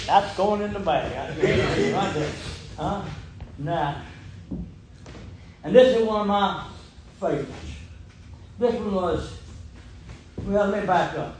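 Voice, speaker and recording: A man's voice: sits high, moderate pace. An older man, telling ministry stories in a folksy, chuckling, repetitive way. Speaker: ministry worker. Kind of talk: folksy testimony storytelling. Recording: echoey room with background noise.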